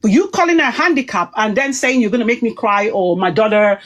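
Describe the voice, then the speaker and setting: Upset woman with a high voice. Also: fast talker. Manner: emphatic, repetitive, restarts often. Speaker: live stream speaker. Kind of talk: heated personal monologue.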